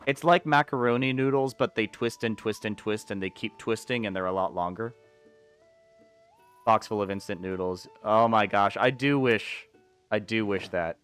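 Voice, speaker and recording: A man streaming a video game, chatting and rambling casually with excitable outbursts. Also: fairly low pitch, normal speed, clear, resonant tone, faint music behind. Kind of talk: casual gameplay commentary.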